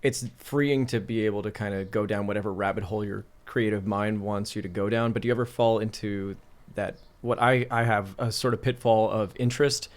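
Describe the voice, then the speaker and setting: A man's voice: on the low side, steady tone, a little fast, few pauses. A man hosting a podcast, talking thoughtfully with hesitant restarts and a polite tone. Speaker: podcast host. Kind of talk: casual podcast chat. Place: room with guitars.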